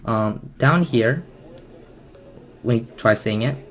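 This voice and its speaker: A man's voice: medium pitch, slow, soft background music. Hesitant, rambling male vlogger. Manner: hesitant and rambling, full of ums and restarts. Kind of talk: casual video commentary.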